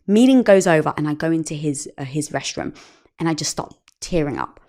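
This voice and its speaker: A middle-aged woman talks as an interview guest, her pitch swinging widely as she tells a story. She acts out the dialogue in her anecdotes with lively, expressive delivery. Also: fairly quick. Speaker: podcast guest. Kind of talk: conversational interview.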